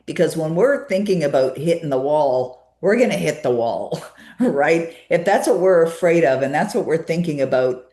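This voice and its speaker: A woman guest in an interview, telling a personal story with many fillers and a lively retelling of conversations. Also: low voice, normal speed, echoey room.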